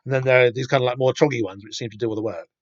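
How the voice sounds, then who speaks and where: A man's voice: medium pitch, fairly even intonation, very fast, no echo. A man hosting a podcast, talking through a comic in a rambling, casual way with lots of fillers and restarts. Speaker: podcast host. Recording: dull lo-fi sound.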